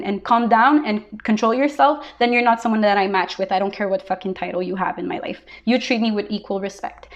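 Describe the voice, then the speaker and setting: A woman's voice: mid-range voice, muffled recording. A woman giving a casual tarot reading, blunt and emphatic, who swears freely. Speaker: tarot reader.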